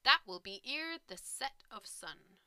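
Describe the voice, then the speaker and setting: The third ominous old witch in a play gives brief, grim replies. A woman reads her in her own voice. The sound is bright and smooth, and the pace is slow. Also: a little high, expressive, no room sound, clean studio sound, pitched above the performer's own voice, full character voice. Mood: solemn.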